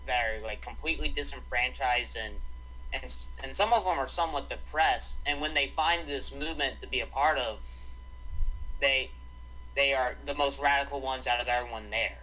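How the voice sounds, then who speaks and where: A man's voice: medium pitch, bright, forceful tone, rough recording. A young man in casual online chat on a voice call, blunt and opinionated. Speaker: podcast guest.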